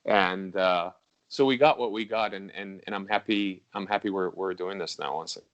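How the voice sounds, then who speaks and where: A musician hosting a casual talk, a man with a somewhat low voice. He reminisces in a relaxed, unhurried way and swears casually. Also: muffled recording. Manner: relaxed, reminiscing, loose and profane. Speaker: musician and host. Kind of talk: casual conversation.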